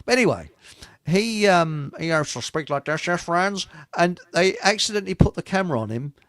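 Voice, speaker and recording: A man's voice: a little high, sing-song, a little fast, a bit bright, no room sound. A man hosting a casual radio chat, rambling through anecdotes with chuckles. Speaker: host.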